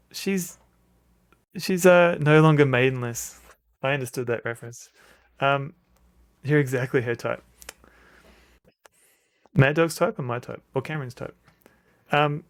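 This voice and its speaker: Recorded dry with clean studio sound, a man with a slightly high voice streams a retro game. He chats casually, rambles and restarts his sentences, and reads the game text out loud.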